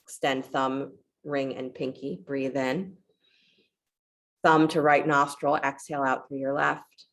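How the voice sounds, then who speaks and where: A woman yoga teacher guiding a class with calm, encouraging short cues, then reflecting on letting go in a storytelling way. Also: very deep voice, slow. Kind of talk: guided yoga class instruction.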